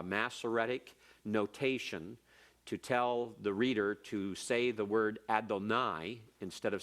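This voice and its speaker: A man's voice: fairly low pitch, a bit bright. A man teaching Hebrew grammar in a classroom lecture, explaining patiently step by step and repeating key points.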